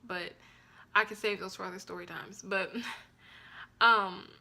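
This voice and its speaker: A young woman with a bright, forceful voice recounts a personal story into her camera. She is animated and expressive, blunt and profane, in a casual storytime vlog. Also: medium pitch, a little slow, vocal fry. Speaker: vlogger.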